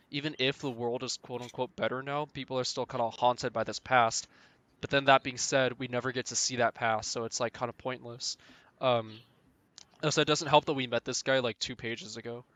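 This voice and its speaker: A man's voice: medium pitch, pushed and bright, dry recording. A man co-hosting a casual podcast, recapping a manga chapter and ranting in exasperation, laughing often. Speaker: podcast co-host.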